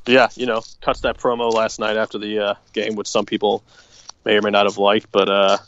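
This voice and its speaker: A man's voice: lowish voice, level tone, brisk, fairly bright tone, no echo, lo-fi sound. Rambling, profane male podcast co-host. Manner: rambling, profane, lots of fillers. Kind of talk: casual sports chat.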